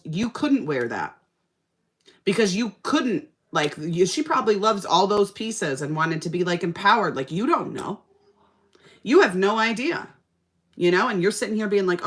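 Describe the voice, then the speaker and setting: A woman's voice: mid-range voice, normal speed. A young woman talking casually and sassily while doing her makeup, telling a story with lots of feeling. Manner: sassy, animated storytelling. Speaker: makeup vlogger. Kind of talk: casual makeup-tutorial chat.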